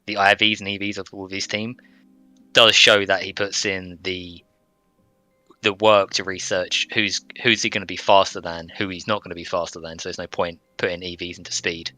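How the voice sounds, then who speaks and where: A man's voice: low voice, flat delivery, normal speed, bright, forceful tone, no echo, soft background music. A man who manages a team, chatting on a stream and explaining his plans hesitantly, with restarts. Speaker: team general manager, guest. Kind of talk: casual chat.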